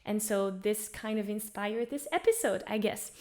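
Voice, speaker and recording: A woman vocal coach guiding singers through warm-up exercises, encouraging them and demonstrating by singing along. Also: medium pitch, normal speed. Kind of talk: guided vocal warm-up lesson. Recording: faint piano music under voice. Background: piano accompaniment.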